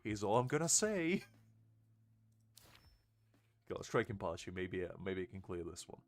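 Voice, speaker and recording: A young man streams a game and chats casually with his viewers, joking, rambling and answering them by name. His voice is low and very animated, though his pace stays measured.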